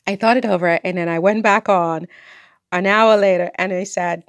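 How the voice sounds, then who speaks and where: A woman's voice: medium pitch, steady tone, moderate pace, smooth, dry recording, studio quality. A woman from the Caribbean vlogging on her own channel, chatting in a rambling, talkative way and breaking into laughter. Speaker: YouTuber. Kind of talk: casual vlog monologue.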